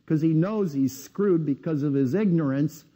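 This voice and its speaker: A man's voice: fairly high pitch, moderate pace, dark tone. A man giving a live seminar lecture in a blunt, needling way, firing rhetorical questions at his audience.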